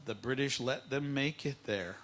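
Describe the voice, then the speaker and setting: A man teaching a live whisky tasting masterclass at an expo, playful and lively, drawing out words for effect. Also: medium pitch, moderate pace. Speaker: whisky educator.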